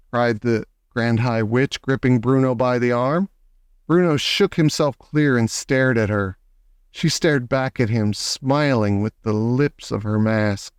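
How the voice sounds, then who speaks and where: A man reading a children's novel aloud with expressive, animated storytelling. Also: medium pitch, a little slow, clean tone, no echo, clean studio sound. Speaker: audiobook narrator.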